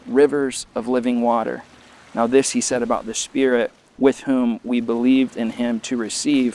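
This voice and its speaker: A man preaches a sermon in an easy, conversational way, doubling back on words now and then and lifting his voice to act out quotes. His pitch sits in a medium range for a man. A faint hiss of noise runs underneath. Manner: conversational preaching with restarts, rising when quoting. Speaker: pastor.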